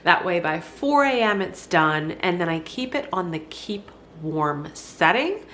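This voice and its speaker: A woman's voice: lowish voice, very animated, measured pace, fairly bright tone, slight background noise. A congested woman, chatting folksily to viewers while she cooks in her home kitchen. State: congested, stuffy voice. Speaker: homesteading vlogger. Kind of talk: casual cooking demonstration.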